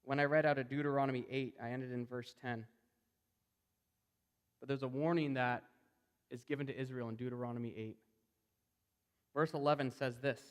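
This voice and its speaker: A man preaching a sermon in a conversational, animated way, acting out the voices he quotes. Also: mid-range voice, moderate pace, pauses often, clear, resonant tone, long reverb tail.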